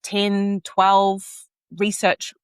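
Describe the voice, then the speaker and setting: Woman, coach guest; expressive, dry booth sound. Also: medium pitch, very slow, smooth, dry recording. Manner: expressive, demonstrates vocal inflection. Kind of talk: podcast interview.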